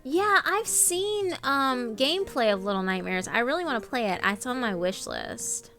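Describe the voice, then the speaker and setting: A young woman chats on her live stream in a bright, forward voice, greeting viewers by name and filling pauses with ums and little laughs. Faint guitar music plays quietly beneath her talk. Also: on the high side, sing-song. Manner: chatty, reads out viewer names, filler-heavy. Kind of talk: casual live-stream chat.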